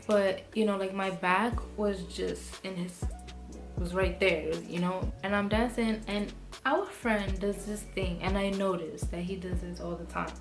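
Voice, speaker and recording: In an unhurried, medium-pitched voice with fairly even intonation, a young vlogger tells a story casually but heatedly. She swears, rambles, says "like" a lot and keeps restarting, over background music.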